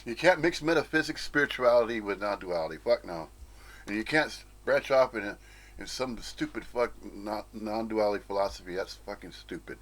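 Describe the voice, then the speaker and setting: A man's voice: on the low side, expressive, moderate pace, a bit bright. Blunt, profane man ranting. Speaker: spiritual commentator. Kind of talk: ranting monologue.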